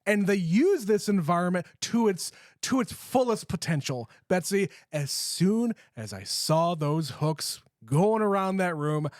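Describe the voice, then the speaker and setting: A man co-hosting a movie podcast, retelling scenes with animated, casual energy and loose swearing. His voice sits high for a man. The recording is close and dry. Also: a little slow, few pauses, no room sound. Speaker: podcast co-host. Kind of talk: casual movie review chat.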